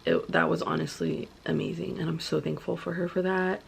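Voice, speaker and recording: A woman's voice: on the low side, level tone, a little fast, creaky, slight background noise. A young woman vlogger telling her story in a casual, chatty way, full of filler words.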